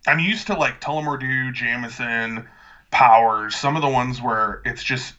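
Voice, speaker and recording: Very bright-voiced man, slightly dull audio. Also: mid-range voice, moderate pace. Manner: chatty, rambling, dry humor. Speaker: podcast co-host. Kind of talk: casual chat.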